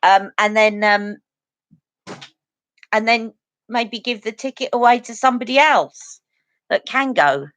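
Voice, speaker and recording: A woman's voice: on the high side, measured pace, long pauses, fairly bright tone, no room sound. A woman hosting a beauty live stream, chatting earnestly and directly to her viewers. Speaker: beauty channel host. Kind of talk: casual live-stream chat.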